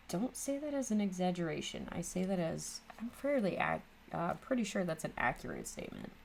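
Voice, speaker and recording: Chatty Midwestern woman, low gravelly voice. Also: a little hiss or hum. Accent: Upper Midwest American. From American Midwest. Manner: rambling, chatty, frequent ums and laughs. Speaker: craft channel host. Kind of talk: casual chatty crafting vlog.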